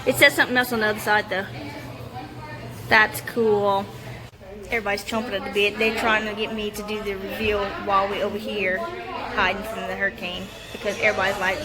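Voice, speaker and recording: A woman's voice: mid-range voice, brisk, crowd noise. A woman vlogging on her phone at a family home at night, chatting and laughing often. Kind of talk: casual vlog narration. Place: family house at night, evacuated. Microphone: handheld phone camera.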